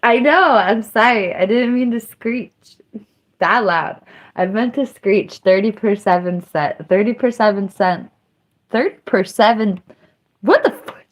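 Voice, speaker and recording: A woman live streamer chatting casually to her viewers. She rambles loosely, mocks herself and breaks into squeals and yells. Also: mid-range voice, unhurried. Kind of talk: casual livestream chat.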